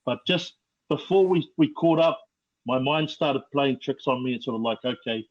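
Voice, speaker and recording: A middle-aged man with a New Zealand accent, telling his life story as a podcast guest in a slow, reflective way with many fillers. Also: on the high side, dull audio. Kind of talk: personal testimony.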